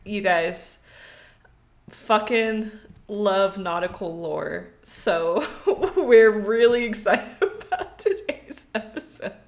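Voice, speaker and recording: A woman's voice: medium pitch, animated, takes it slowly. A woman co-hosting a podcast in casual chat, telling stories animatedly with frequent giggles. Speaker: podcast co-host.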